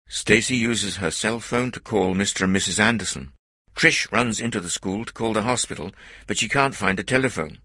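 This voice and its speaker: A man narrating a graded-reader story in a clear, lively reading voice. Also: deep voice, moderate pace, no echo, clean studio sound. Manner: lively, plain reading for learners.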